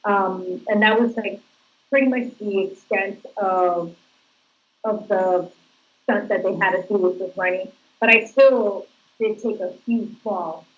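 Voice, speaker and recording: Chatty actress, dull lo-fi sound. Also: female voice, medium pitch, fairly even intonation, unhurried. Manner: chatty, laughing storyteller. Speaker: actress guest. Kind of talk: casual interview answers.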